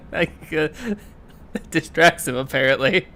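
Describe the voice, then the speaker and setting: A player at a tabletop role-playing game, excitable, swearing and shouting at dice rolls. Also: medium pitch, slow. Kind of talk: casual play at a tabletop game.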